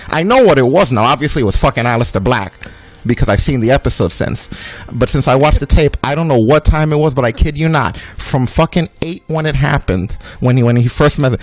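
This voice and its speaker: A young man co-hosting a game stream, telling a story in an animated, profane rant. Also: medium pitch. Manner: ranting, swears freely, animated storytelling. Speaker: streamer and co-host. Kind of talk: casual chat during a game stream.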